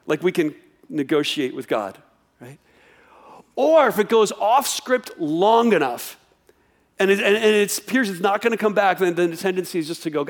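A man preaching a sermon, animated, often restarting and repeating words as he acts out a dialogue. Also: sits high, normal speed. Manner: animated, acts out voices of God and the prophet. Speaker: pastor.

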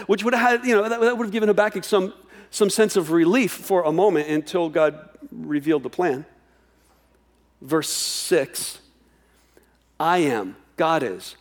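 Animated high-voiced male preacher. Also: a little slow, pauses often. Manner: animated, acts out voices of God and the prophet; repeats words, restarts often. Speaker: pastor. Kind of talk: sermon.

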